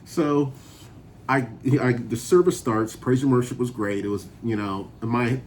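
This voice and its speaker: A man telling his personal testimony in a relaxed, chatty way, often laughing as he goes. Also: mid-range voice, a little slow, slight background noise. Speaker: vlogger sharing a sobriety testimony. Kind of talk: casual personal storytelling.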